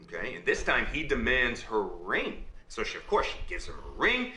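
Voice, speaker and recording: A man acting a father in a game, telling a fairy tale as a bedtime story with quick asides to his listener. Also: medium pitch, huge pitch swings, bright, forceful tone, reverberant, slight background noise, full character voice, poor audio.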